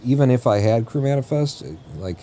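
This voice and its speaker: A man's voice: medium pitch, a little fast, dark tone, a little hiss or hum. A man streaming a game live, chatting casually in a rambling, joking way and often correcting himself mid-sentence. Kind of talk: casual live-stream chat while playing.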